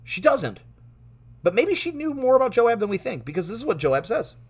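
A man teaching through a Bible passage in a lively way, laughing often and restarting his words. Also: very high-pitched, a little fast, slightly rough.

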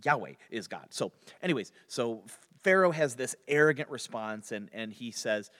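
A man's voice: medium pitch, expressive, moderate pace, fairly bright tone. A man teaching an informal Bible study with frequent restarts and chuckles between points. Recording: long hall reverb.

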